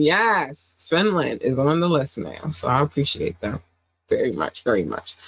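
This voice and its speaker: A woman hosting a casual livestream podcast while under the weather, low on energy, talking in an affectionate, rambling way with lots of fillers. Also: poor audio. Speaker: podcast host.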